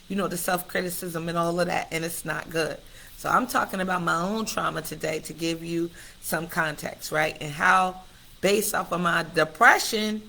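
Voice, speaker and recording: A woman's voice: on the low side, sharp tone, rough recording. A middle-aged woman hosting her own livestream, speaking candidly and from the heart in a preacher-like cadence, often turning straight to her viewers. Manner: addresses viewers directly and often. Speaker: host of her own live stream. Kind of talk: candid personal livestream talk.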